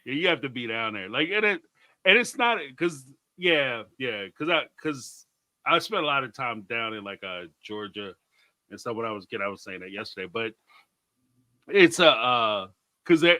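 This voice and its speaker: Animated, bright-voiced man chatting. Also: mid-range voice, normal speed, dry recording. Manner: animated, laughs often, reads out viewer comments. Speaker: co-host. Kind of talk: casual chat.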